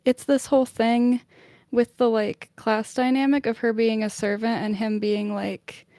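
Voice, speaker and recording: A woman on a book club podcast casually retelling a chapter of a novel, chatty and animated, with plenty of "like". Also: on the high side, a little slow, no echo, clean studio sound. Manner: chatty, lots of "like", animated summarising.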